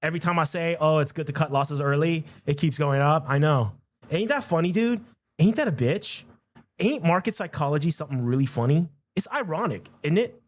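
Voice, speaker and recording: A man talking to himself while he trades options, muttering numbers and repeating phrases, then breaking into excited chants. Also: on the high side, a little fast. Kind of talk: casual live trading commentary.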